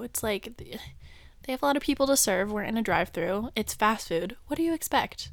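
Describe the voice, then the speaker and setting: Animated young woman telling stories. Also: on the high side, moderate pace, no echo. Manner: animated storyteller, mimics people. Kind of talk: casual chat.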